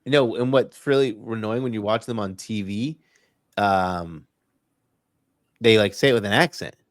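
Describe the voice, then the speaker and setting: A man co-hosting a casual podcast, laid-back and quick to grumble in slang. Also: lowish voice, dry recording, studio quality. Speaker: podcast co-host. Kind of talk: casual chat about soccer.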